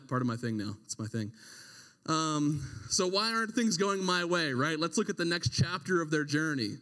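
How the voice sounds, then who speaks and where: Young youth pastor, loose slangy preaching, higher voice in a reverberant sanctuary. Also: male voice, fairly bright tone. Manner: conversational, slangy, with frequent "like" and "right?". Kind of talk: casual sermon. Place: church sanctuary. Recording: long hall reverb.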